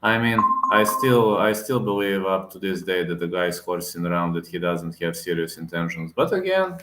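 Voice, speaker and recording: A man with a fairly low voice rants heatedly to camera like an MMA reaction vlogger. He circles back to the same points and stresses them again. His voice carries a noticeable echo off the room. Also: level tone, normal speed, fairly bright tone. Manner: repetitive, emphatic, many fillers and restarts. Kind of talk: heated casual rant to camera.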